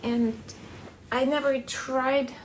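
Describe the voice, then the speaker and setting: A young woman keeping a video diary, recounting a dream in a hesitant way, searching for words and filling pauses with "like". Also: high-pitched, little pitch movement, slight background noise. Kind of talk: casual personal storytelling.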